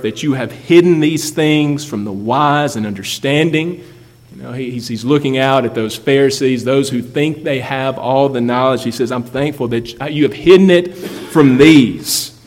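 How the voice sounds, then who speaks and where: A man's voice: medium pitch, moderate pace. A man preaching a sermon as a pastor, emphatic, repeating key phrases for effect. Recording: long hall reverb.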